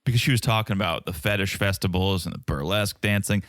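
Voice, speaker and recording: American guy co-hosting a podcast, deep voice, wry jokey recap, dry mic. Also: fast, a bit bright, no room sound. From Connecticut, United States. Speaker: podcast co-host. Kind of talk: casual chat.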